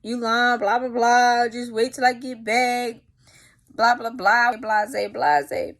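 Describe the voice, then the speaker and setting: A woman's voice: on the high side, fairly even intonation, slow, fairly bright tone. A woman voicing a doubtful young man who brushes her off. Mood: dismissive.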